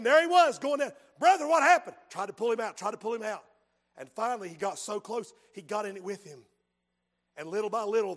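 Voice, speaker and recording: A male preacher delivering a sermon, moving from hushed storytelling to shouted calls to the congregation. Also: high voice. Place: church sanctuary. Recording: long hall reverb.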